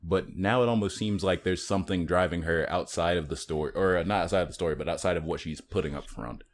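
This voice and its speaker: A man co-hosting a podcast in casual chat, laughing often and talking in a relaxed way. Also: sits low, fast talker. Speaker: podcast co-host.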